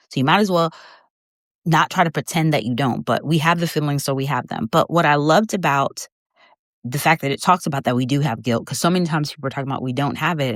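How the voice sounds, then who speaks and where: A woman's voice: low-pitched, no room sound, clean studio sound. A middle-aged woman hosting a faith-based podcast, talking heartfelt and conversational to her listener, holding back tears. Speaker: podcast host.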